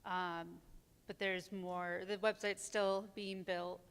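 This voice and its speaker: Clear-voiced hesitant woman, hall reverb. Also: medium pitch, flat delivery, slow. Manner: hesitant, many ums, nervous laughs. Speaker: community group organizer, guest. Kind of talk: casual on-stage interview. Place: church sanctuary.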